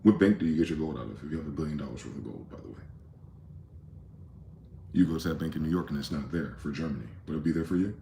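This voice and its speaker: A man's voice: a bass voice, quick pace, gravelly, long pauses, warm tone, echoey room, a little hiss or hum. A man hosting a rambling late-night monologue, profane and conspiratorial in tone, with many asides. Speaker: host.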